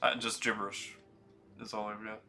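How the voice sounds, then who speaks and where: A man's voice: on the low side, little pitch movement, normal speed, creaky, sharp tone. A young man acting as game master, narrating a tabletop game in a laid-back, self-deprecating way.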